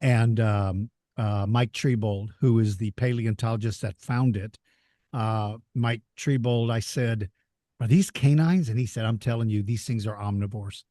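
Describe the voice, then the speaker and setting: A man telling lively stories as an interview guest, laughing easily and acting out excited children. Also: on the low side, unhurried, dry recording, studio quality. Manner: animated storyteller, laughs easily, voices excited kids. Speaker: interview guest, dinosaur educator. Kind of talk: storytelling in a casual interview.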